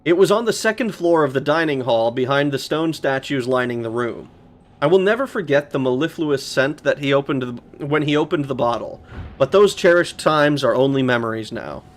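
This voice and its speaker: A man's voice: mid-range voice, animated, moderate pace, close to an everyday voice. A man voicing an aging male butler who looks back on his youth, reading game notes aloud in a mock-formal, wistful put-on voice.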